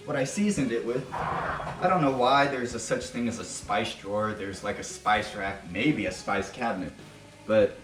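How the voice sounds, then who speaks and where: A man hosting a casual home cooking demonstration, talking crudely with joking, rambling asides. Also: mid-range voice. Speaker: cooking show host. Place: home kitchen. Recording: echoey kitchen with faint music.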